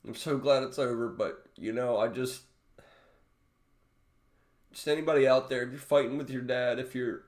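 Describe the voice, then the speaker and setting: A man speaking in an emotional personal vlog, halting and close to tears, often restarting his sentences. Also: medium pitch, steady tone, reverberant. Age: adult father. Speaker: vlogger.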